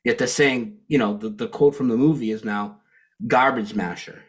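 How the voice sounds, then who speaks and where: Man, casual livestream chat, earnest explainer, medium pitch, restarts often. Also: moderate pace. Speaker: guest.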